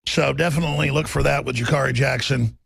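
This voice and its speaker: A man's voice: mid-range voice, steady tone, fast, vocal fry, fairly bright tone, husky, no room sound. A man hosting a talk radio show, delivering an intense, rambling, emphatic monologue.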